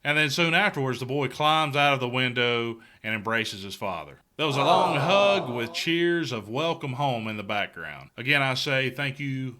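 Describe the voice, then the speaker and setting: A man with a Southern US accent hosting a casual good-news show, folksy and excitable, often stammering and repeating words. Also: lowish voice.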